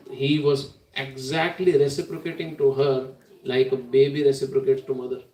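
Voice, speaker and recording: A man giving an earnest, animated devotional sermon that tells a story. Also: medium pitch. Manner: earnest, animated, laughs while telling. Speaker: devotional speaker. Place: temple hall. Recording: roomy hall, distant mic.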